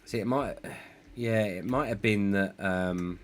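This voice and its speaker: A man's voice: lowish voice, measured pace, soft background music. A man streaming a city-building game, thinking aloud in a rambling, self-deprecating way. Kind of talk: live gameplay commentary.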